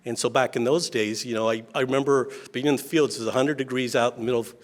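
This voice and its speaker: A middle-aged man from Washington State speaks off the cuff at an event in a mid-pitched voice. He tells homespun, self-deprecating stories and keeps restarting his sentences. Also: fairly even intonation, quick pace. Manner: folksy, self-deprecating storytelling with many restarts. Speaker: state legislator giving remarks. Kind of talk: informal speech at an event.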